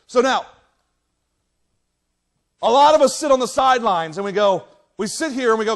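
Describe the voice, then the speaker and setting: Pastor, male, high-pitched, animated sermon delivery with frequent restarts. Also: moderate pace, pauses often. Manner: animated preaching, reads scripture aloud, restarts often. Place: church sanctuary.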